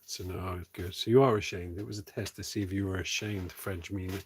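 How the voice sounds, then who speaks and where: A man chatting casually and softly with viewers on a livestream while he paints a model. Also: deep voice, fairly even intonation, quick pace, background noise. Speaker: streamer and miniature sculptor.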